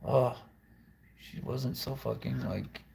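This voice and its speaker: A man's voice: medium pitch, takes it slowly, creaky, a little mellow. A man rambling through a confessional video monologue, blunt and profane, wandering from thought to thought. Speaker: musician vlogger.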